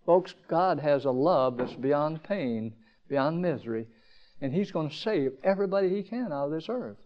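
A man preaching a sermon at a campground meeting, asking the crowd rhetorical questions, swinging from emphatic peaks down to quiet, low passages. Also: lively intonation, measured pace, lo-fi sound.

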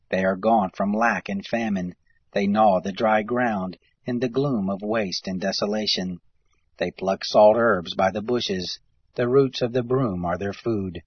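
A man with a husky voice giving a steady, measured reading of scripture. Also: fairly low pitch, dry recording. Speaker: scripture reader. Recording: dull lo-fi recording.

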